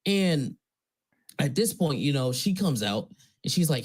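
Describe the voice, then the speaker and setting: A man on a stream casually telling a personal story in a relaxed, profane, conversational way. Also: on the high side, a little slow, husky. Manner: laid-back, profane, conversational.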